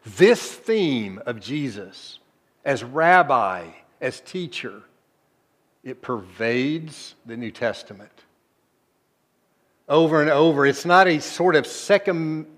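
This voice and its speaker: A male pastor preaches, veering from soft, subdued passages to loud, emphatic peaks. He keeps addressing the congregation with rhetorical questions.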